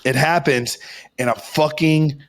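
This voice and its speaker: Hoarse young dude on a podcast, kinda high voice, rambling and swearing a lot. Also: male voice, a little slow. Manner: excitable, rambling, heavy swearing. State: hoarse, voice worn from shouting. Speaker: podcast co-host. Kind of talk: casual storytelling chat.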